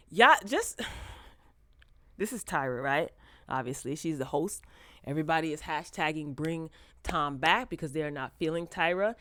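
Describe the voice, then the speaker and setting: A woman hosting a casual pop culture commentary show, animated and sassy, talking straight to her viewers on a close mic. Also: sits low, no echo. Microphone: close desk mic.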